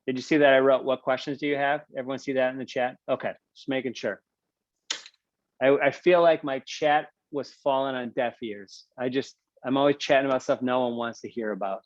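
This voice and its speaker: A man's voice: medium pitch, steady tone, fairly quick, dry recording. A man hosting a book club on a video call rambles through his thoughts, full of fillers and small jokes at his own expense. His voice sits in the middle of the male range. The sound is dry and a little dull, as from a laptop mic. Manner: rambling, self-deprecating, lots of fillers. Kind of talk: casual video call discussion.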